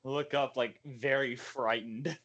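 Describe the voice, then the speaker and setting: A man's voice: medium pitch, steady tone, slow pace, fairly bright tone, dull audio. A man playing a tabletop game, hesitantly describing his character's actions. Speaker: player.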